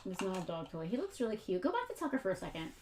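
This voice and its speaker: A woman's voice: mid-range voice, sing-song, rapid-fire, noisy background. Chatty, playful woman co-host. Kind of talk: casual chat.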